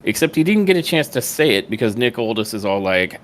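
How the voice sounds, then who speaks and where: A man's voice: mid-range voice, big pitch swings, brisk, slight background noise. A man co-hosting a wrestling podcast, retelling the show in a laid-back, wry way. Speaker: podcast co-host. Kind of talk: casual podcast recap.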